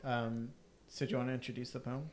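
A man's voice: medium pitch, level tone, fast, slight background noise. A young man hosting a casual chat among friends, blunt and swearing freely.

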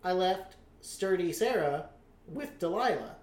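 A man's voice: high voice, expressive, a little slow. A man co-hosting a casual podcast chat, telling a rambling story full of cursing and filler words. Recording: roomy echo.

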